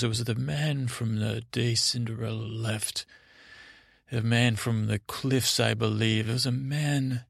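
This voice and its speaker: Male host, rambling sleep-story narrator, gravelly voice, dry close mic, meandering delivery. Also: mid-range voice, fairly bright tone, no echo. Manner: meandering, halting, full of restarts and asides.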